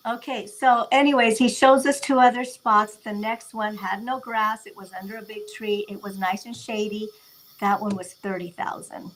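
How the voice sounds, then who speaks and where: A woman's voice: medium pitch, normal speed, poor audio. A woman, a guest on a talk show, telling a family story casually and bringing it to life with quoted dialogue. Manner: animated retelling with quoted dialogue.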